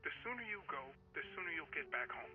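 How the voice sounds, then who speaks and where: A man's voice: a little high, big pitch swings, fast. An actor playing a pushy, urgent male publisher colleague calling on the phone in a video game. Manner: urgent, coaxing. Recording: tinny phone line over game music.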